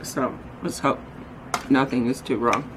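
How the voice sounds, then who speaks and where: Low-voiced and slow, a woman chats casually in a rambling, self-deprecating vlog while running errands and later at home. There's noise in the background.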